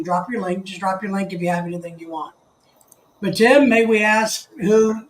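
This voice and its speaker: Man, live stream host, rambling friendly chat, faint noise behind, roomy echo. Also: high-pitched. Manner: chatty, greets viewers by name, rambling. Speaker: livestream host. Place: living in the Philippines. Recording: echoey room, faint background noise.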